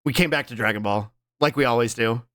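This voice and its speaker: On a live stream, a man chats casually with viewers, animated and laughing loudly, occasionally dropping into quick character voices. His voice sits in the mid range, and the sound is clean studio audio with no echo.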